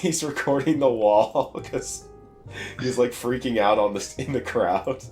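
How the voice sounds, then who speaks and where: A man's voice: mid-range voice, measured pace, a little mellow, soft background music. A young American man co-hosting a podcast, rambling through casual stories with lots of fillers and laughter. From United States. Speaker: podcast co-host.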